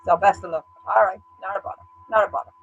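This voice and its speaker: A woman's voice: medium pitch, fairly even intonation, quick pace, creaky, breathy edge, dull audio. An Irish woman co-hosting a casual livestream chat, ranting bluntly with heavy swearing. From Ireland. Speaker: co-host.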